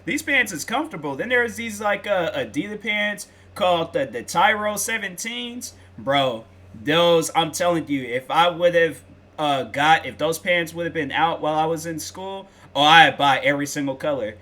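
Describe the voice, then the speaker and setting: A man's voice: a little high, lively intonation, moderate pace, sharp tone. A young man hosting a reaction video, talking casually in slang with lots of fillers and rambling stories.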